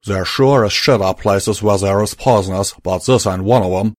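Man doing a drawling gruff pony gunslinger. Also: on the low side, moderate pace, dry recording, studio quality, lightly acted. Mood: firm. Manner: firm, blunt, drawling. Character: gruff male pegasus stallion gunslinger, drawling.

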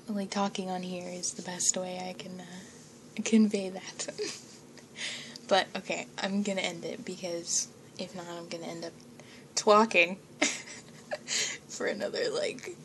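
A woman's voice: on the low side, flat delivery, a little slow, long pauses, slight background noise. A young woman chatting casually to her listeners, rambling and giggly, often dropping to a whisper and swearing now and then. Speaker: audio creator.

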